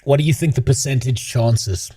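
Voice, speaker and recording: A man's voice: medium pitch, steady tone, brisk, warm tone, slightly rough. A man ranting casually as a gaming streamer, swearing, mocking and laughing often. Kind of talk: casual commentary rant.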